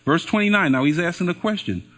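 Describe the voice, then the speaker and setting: A man's voice: sits high, expressive, quick pace, fairly bright tone. A man preaching to a church congregation in a sermon, drawing them into call-and-response by having them repeat phrases and answer his questions. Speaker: pastor.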